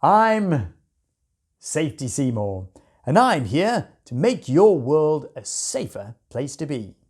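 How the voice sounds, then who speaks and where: A woman's voice: lowish voice, sing-song, measured pace, mellow, husky, voice pushed up, exaggerated voice. A woman voicing a brave, proud old male bear who speaks earnestly in a storybook reading.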